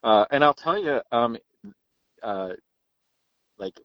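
A man's voice: mid-range voice, animated, slow, dry recording, muffled recording. A man from Louisville talking casually as a podcast guest, rambling with many fillers and restarts. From Louisville, Kentucky. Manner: rambling, lots of likes and restarts. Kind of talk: casual interview chat.

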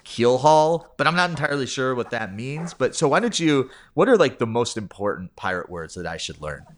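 A man's voice: medium pitch, big pitch swings, brisk. A man hosting a casual interview, playful and rambling, laughing often. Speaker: podcast host.

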